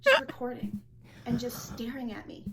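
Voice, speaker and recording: A woman's voice: on the high side, wildly swooping pitch, normal speed, background noise. A woman venting in an agitated monologue, retelling a workplace clash and acting out every line of dialogue. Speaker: former assistant assessor. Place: indoors, filmed herself.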